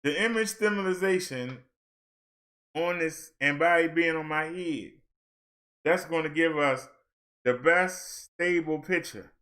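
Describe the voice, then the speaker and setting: A man chatting casually to his viewers in a loose, rambling way, often repeating himself. His voice sits a little high and comes across bright and forceful. He is recorded on a helmet-mounted camera. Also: unhurried, pauses often. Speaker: vlogger and minister.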